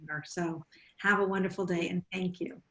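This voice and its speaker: An American woman moderates a panel discussion on a video call. She speaks in an effusive, thankful way. Her voice is lowish and keeps to an even, flat pitch. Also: brisk, slight background noise. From United States. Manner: warm, effusive, wrapping up with thanks.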